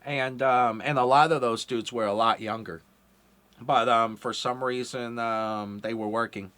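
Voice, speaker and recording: Dude in his 30s hosting a podcast, swears a ton, rambles with um and like, mid-pitch voice. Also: steady tone, measured pace, bright, forceful tone. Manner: rambling, profane, lots of fillers. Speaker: podcast host. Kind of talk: casual profane interview chat.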